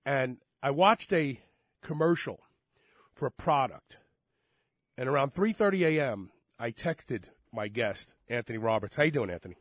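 A man hosting a talk radio show, congested and sick, rambling with animated swings from quiet asides to loud emphasis. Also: medium pitch, moderate pace, no room sound. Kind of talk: casual talk radio chat.

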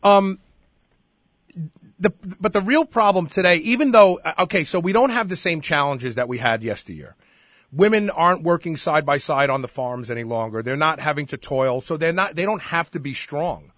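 Male radio host, emphatic and halting, slightly high voice, dry close mic. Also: a bit bright, dry recording. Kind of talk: radio talk show interview.

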